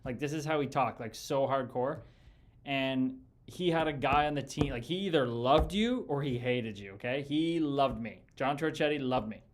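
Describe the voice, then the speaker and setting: A man's voice: mid-range voice, normal speed. A man hosting a casual live chat, telling rambling, profane stories about his pro hockey days with lots of fillers and restarts. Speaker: podcast host and former pro hockey player. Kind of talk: casual livestream chat with viewers.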